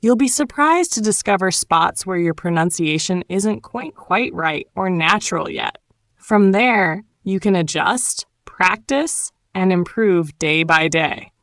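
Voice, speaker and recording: A woman giving a scripted, encouraging English lesson in a calm, clearly enunciated way. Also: fairly low pitch, a little slow, no echo, clean studio sound. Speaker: English teacher. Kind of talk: scripted motivational narration.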